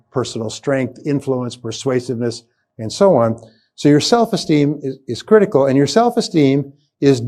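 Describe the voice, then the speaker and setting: An older man with a dark, mid-range voice delivers a motivational seminar talk to a live audience. He speaks emphatically, repeats key phrases and builds to punchy exclamations.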